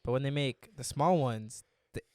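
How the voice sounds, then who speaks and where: A man's voice: medium pitch, moderate pace, slight background noise. A young man co-hosting a casual podcast, teasing his friend, swearing freely and leaning on filler words. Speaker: podcast co-host. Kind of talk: casual chat.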